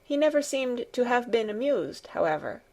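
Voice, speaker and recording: A woman narrating an audiobook in a calm, soft, even storytelling manner. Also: fairly high pitch, moderate pace.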